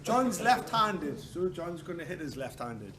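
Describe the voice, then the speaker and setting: A man's voice: a little high, sing-song, a little slow. A man teaching a martial arts class, joking and swearing and acting out other people's lines. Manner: joking, swears, acts out quotes. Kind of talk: class instruction with humor. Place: training hall. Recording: echoey hall with noise.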